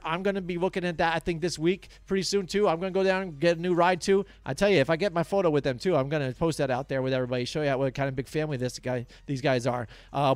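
A man's voice: sits high, clean tone, dry recording. A man co-hosting a casual sports talk show, rambling energetically through a sponsor read with lots of fillers. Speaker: sports podcast co-host.

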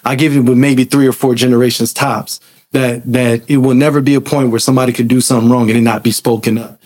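A man talking in a casual group discussion. He is animated and emphatic and uses everyday colloquial speech. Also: mid-range voice, fast. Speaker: podcast co-host.

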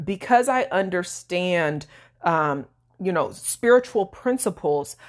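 A woman hosting her own podcast, speaking emotionally and tearfully, laughing through her tears. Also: lowish voice. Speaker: podcast host. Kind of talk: heartfelt solo podcast talk.

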